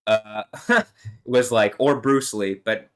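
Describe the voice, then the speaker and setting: Man, fairly low voice, solo vlog monologue, meandering, heated, filler-heavy. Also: slow. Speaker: vlogger.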